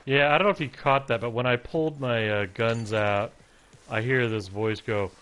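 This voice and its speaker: A man's voice: medium pitch, fairly even intonation, normal speed, a bit bright. A man giving casual, self-deprecating commentary while playing a game at home, chatting to his cats in between. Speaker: game streamer.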